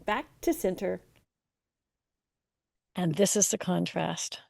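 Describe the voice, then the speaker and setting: A woman's voice: fairly low pitch, slow pace, vocal fry, darkish tone, dry recording, studio quality. A woman demonstrating a webcam in an upbeat, enthusiastic way, recorded outdoors in a garden through a webcam mic on a computer. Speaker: product reviewer. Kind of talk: product demo.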